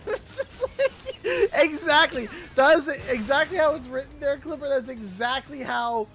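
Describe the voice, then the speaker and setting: A Canadian man in his thirties chatting casually while playing a game, telling animated stories and laughing often. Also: very high-pitched, measured pace. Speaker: gaming YouTuber.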